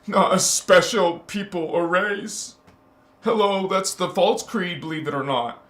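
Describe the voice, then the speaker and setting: Guy with a high voice doing a slow emphatic spiritual talk, lots of repeating, echoey room. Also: fairly bright tone. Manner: emphatic, repetitive preaching. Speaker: spiritual teacher. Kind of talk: spiritual teaching monologue.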